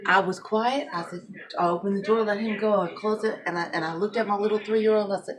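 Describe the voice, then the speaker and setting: A woman in her thirties, a single mother, telling a personal story in a blunt, animated monologue with heavy swearing. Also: mid-range voice, fairly quick.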